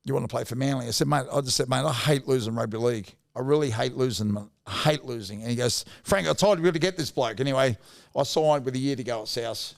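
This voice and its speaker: A man in his fifties with a broad Australian accent tells stories from his playing days, blunt and full of slang and the odd swear. His voice is gravelly, with a rough fry in it. He talks at a middling pitch in a relaxed, chatty interview. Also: fast. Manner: blunt, laddish yarn-telling with slang and swearing. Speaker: guest, former rugby league player. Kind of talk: casual storytelling interview.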